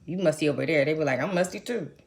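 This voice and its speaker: A young adult woman from the United States chatting casually to her viewers, telling a trip story in animated, slangy talk. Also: low-pitched, racing, gravelly. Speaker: vlogger. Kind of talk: casual chat to camera.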